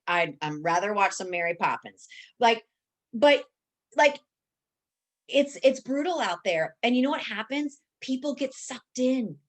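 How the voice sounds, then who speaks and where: A woman coaching her team on a video call, upbeat and emphatic, repeating phrases for effect. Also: mid-range voice. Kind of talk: motivational team call pep talk.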